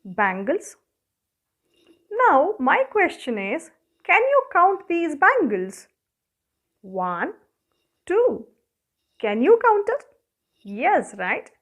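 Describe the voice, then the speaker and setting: A woman's voice: high voice, huge pitch swings, extremely slow, pauses often, fairly bright tone. A woman with an Indian English accent teaching a grammar lesson, asking questions and answering them herself as she counts objects aloud. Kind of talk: classroom lesson.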